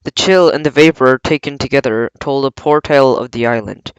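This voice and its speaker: A man's voice: medium pitch, fairly quick, no room sound, poor audio. Man reading a classic novel aloud. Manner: plain steady narration with small slips and throat clearing. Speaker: audiobook reader.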